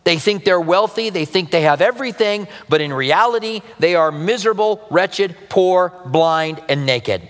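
Male pastor, earnest sermon delivery, slightly high voice, long reverb. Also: expressive, normal speed, hardly any pauses, a bit bright. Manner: earnest preaching with scripture readings.

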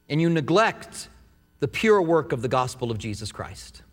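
A man preaching a sermon, telling stories and acting out quotes in an animated way. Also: on the high side, normal speed, long reverb tail. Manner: animated storytelling with acted-out quotes. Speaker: pastor.

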